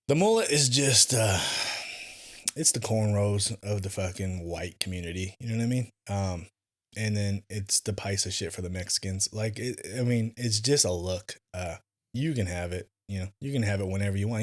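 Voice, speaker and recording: A man in his forties co-hosting a podcast, telling stories in a profane, animated way that swings from mumbles to loud bursts. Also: fairly low pitch, moderate pace. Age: 40s. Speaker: podcast co-host, jiu-jitsu black belt. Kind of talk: casual podcast banter.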